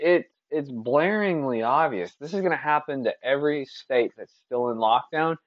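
A man's voice: fairly high pitch, no room sound, highs cut off. A man from Texas hosting a casual solo podcast, talking in an opinionated, rambling way with frequent restarts. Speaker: podcast host.

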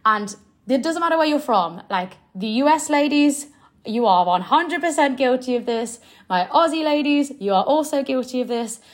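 A woman's voice: sits high, expressive, normal speed. A young woman giving blunt, emphatic coaching advice straight to her audience. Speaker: sales coach. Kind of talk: direct coaching talk to camera.

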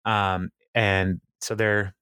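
A man's voice: fairly low pitch, flat delivery, very slow, sharp tone, smooth, dry recording, clean studio sound. A man co-hosting a podcast, recapping a TV episode in casual chat, quoting scenes and laughing often between fillers. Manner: laughs often, recounts scenes with quoted lines and many fillers. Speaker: podcast co-host.

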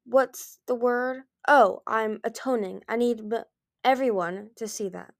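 A woman's voice: on the high side, no room sound, studio quality. Woman reading as polite ancient dragon Darkstalker. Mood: calm. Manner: polite, gentle, measured. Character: ancient male dragon, calm, polite, quietly menacing. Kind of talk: amateur storybook reading.

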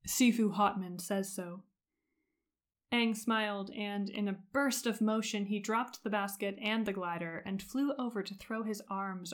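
A woman reading fan fiction aloud in steady, even narration. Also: medium pitch. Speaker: audiobook reader of fan fiction. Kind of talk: scripted narration.

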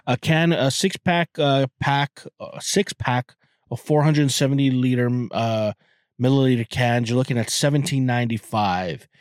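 A man's voice: mid-range voice, darkish tone, no echo, clean studio sound. A young man hosting a casual solo podcast, rambling with many restarts and fillers and swearing freely. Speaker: podcast host.

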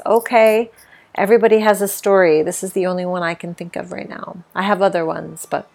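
A woman's voice: medium pitch, steady tone, brisk, gravelly. A middle-aged woman hosting a podcast, speaking candidly and emotionally about a personal experience, with many fillers. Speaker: podcast host. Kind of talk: reflective personal monologue.

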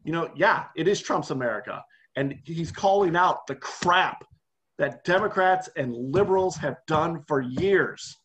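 A man's voice: on the high side, expressive, a little slow, fairly bright tone, slight background noise. A man co-hosting a casual podcast, ranting heatedly with a sarcastic edge. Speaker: podcast co-host. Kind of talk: heated casual political chat.

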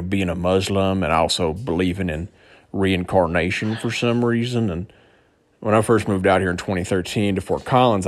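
A man from Alabama leaving a rambling, wry voicemail for a podcast. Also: low-pitched. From Alabama, USA. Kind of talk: casual voicemail message.

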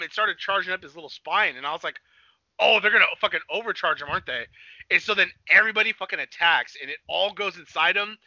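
A young man with a high, lively voice talks in an excited rush, swearing freely and breaking into loud acted-out shouts. His tone is very bright and sharp. The sound is dry and a little dull. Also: creaky, dry recording. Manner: excitable, swears a lot, acts out scenes in shouts. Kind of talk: excited casual chat.

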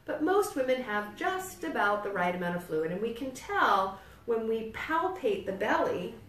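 A woman with a New York accent, explaining things step by step as a birth educator and often checking in with "right?". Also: medium pitch. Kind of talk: instructional demonstration. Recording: roomy, distant mic, faint ambience.

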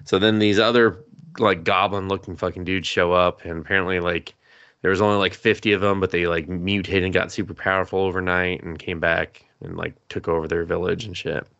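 A man co-hosting a podcast, casually recapping an anime plot with quick voiced quotes and some swearing. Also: sits low, gravelly, dry recording, highs cut off. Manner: animated retelling with quick voiced quotes and laughs. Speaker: podcast co-host.

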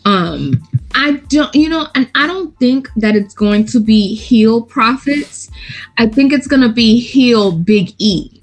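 A woman's voice: on the high side, lively intonation, slow, faint music behind. Blunt woman swapping casual chat. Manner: blunt, swears freely, acts out quotes; laughs loudly. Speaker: podcast co-host.

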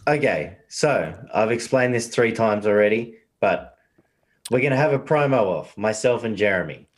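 A man's voice: on the low side, expressive, normal speed. A man still recovering from an illness, on a poor video call from a bathroom, laid-back and swearing. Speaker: league commissioner. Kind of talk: casual chat on a video call. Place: bathroom, door shut. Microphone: video call on a poor connection.

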